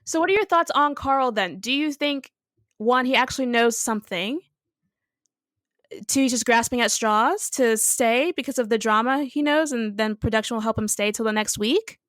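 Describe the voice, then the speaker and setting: A woman's voice: fairly high pitch, fairly bright tone, dry recording, studio quality. A woman co-hosting a pop culture podcast, chatting casually and reacting to her co-host. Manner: chatty, reacts with quick agreements and laughs.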